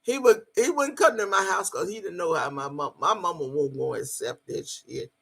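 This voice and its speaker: A woman telling a personal story in a casual, animated way, swearing freely as she goes. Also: on the low side, normal speed, vocal fry, husky.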